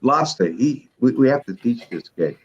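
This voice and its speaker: A man's voice: medium pitch, lively intonation, moderate pace, slightly rough, dull audio. A man on a live stream chat, bantering in a crude, teasing way.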